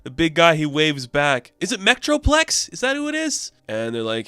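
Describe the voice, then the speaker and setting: Bright-voiced young man recapping a comic. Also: on the high side, wildly swooping pitch, moderate pace, few pauses, clean tone, no room sound. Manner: rambling, laughs, lots of fillers. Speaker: comic book reviewer.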